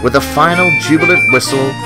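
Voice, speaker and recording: A man giving scripted storybook narration in an animated, expressive way. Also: fairly high pitch, brisk. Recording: festive music with jingle bells behind.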